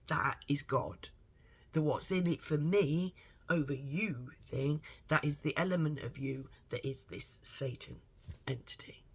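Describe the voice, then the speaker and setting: A woman's voice: sits low, gravelly, slightly rough. A woman vlogger giving a blunt, rambling opinion monologue to camera, swearing heavily and speaking emphatically.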